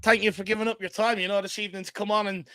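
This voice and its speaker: An Irish man hosts a live fan stream, chatty and easygoing as he reads out viewer messages. His voice sits high and bright. The sound is close and dry. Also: flat delivery, racing, no room sound. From Ireland. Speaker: fan show host. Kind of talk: casual live-stream chat.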